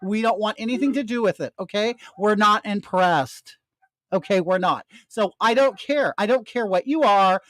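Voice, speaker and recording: An older man telling his audience a story in a casual, animated way, with plenty of swearing and a ranting edge. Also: sits high, moderate pace, dry recording.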